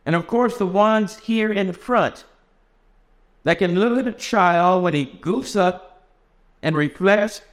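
Man voicing the Lord, eager creator, raised pitch, unhurried, earnest storybook reading.

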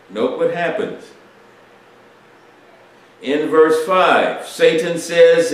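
A male preacher giving an emphatic expository sermon, asking rhetorical questions and swinging between loud and soft. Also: on the high side, animated, drawn-out words, pauses often. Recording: echoey room, distant mic.

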